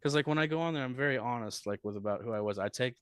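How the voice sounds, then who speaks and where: A man's voice: medium pitch, racing, clear, resonant tone, no echo, studio quality. A man who is a comedian, chatting casually on a podcast as a guest and telling rambling, profane stories.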